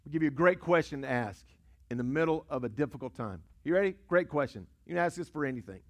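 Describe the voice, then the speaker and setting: A pastor with a fairly high male voice preaching a sermon. He tells stories and repeats himself, firing rhetorical questions and answering them himself. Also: lively intonation, fast. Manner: storytelling, repetitive, rhetorical questions and call-and-response.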